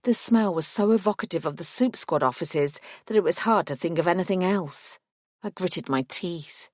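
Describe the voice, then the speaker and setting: A woman reading a first-person fantasy audiobook in a measured, even storytelling voice. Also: fairly low pitch, no echo, studio quality. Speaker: audiobook narrator.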